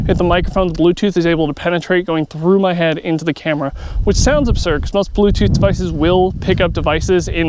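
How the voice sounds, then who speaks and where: A man casually explaining a gear test step by step while outdoors on a clip-on wireless mic, with wind and helicopters around. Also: a little high. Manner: chatty, narrates each step as he goes. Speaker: gear reviewer. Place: outdoors, parking garage roof and hill trail. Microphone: clip-on wireless mic near mouth.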